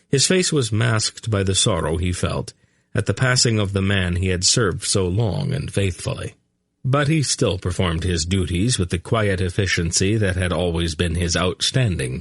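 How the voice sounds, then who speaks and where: A man narrating an audiobook in a slow, expressive reading. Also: deep voice, slightly rough, no room sound, clean studio sound. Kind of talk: scripted narration.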